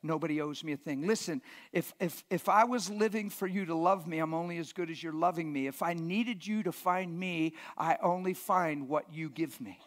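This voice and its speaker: High-voiced impassioned preacher man. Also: normal speed, few pauses. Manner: impassioned, emphatic, sometimes shouting, sometimes near a whisper. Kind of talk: sermon. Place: church.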